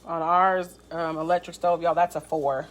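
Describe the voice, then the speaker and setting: A woman's voice: fairly low pitch, little pitch movement, moderate pace. A woman with a Chicago accent co-hosting a live cooking class, chatting and reassuring viewers by name. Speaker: co-host reading viewer comments.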